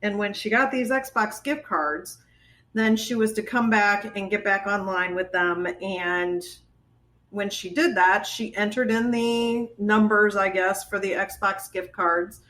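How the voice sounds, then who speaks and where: A woman guest on a podcast, recounting a family story in a relaxed, conversational way. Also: mid-range voice, takes it slowly, low-quality recording. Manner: conversational, with fillers and restarts. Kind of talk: casual storytelling.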